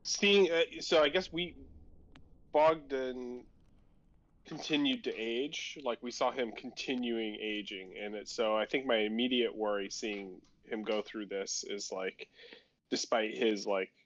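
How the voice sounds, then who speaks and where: A man playing a tabletop game, thinking aloud in a halting way. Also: on the low side, fairly even intonation, a bit bright, dull audio. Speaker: player.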